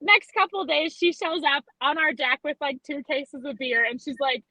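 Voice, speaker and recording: Bright, high-voiced chatty young woman. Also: moderate pace, no echo, poor audio. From Alberta, Canada. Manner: chatty, profane, animated storyteller. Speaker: podcast guest, western photographer. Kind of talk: casual chat, storytelling.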